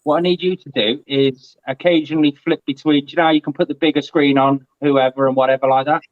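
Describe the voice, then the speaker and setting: A man talks in a lively, chatty way, his voice sitting a little high. He is on a video call, and the sound comes through muffled and lo-fi with no room echo. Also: fast talker. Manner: chatty and animated. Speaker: guest. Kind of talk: casual live-stream chat.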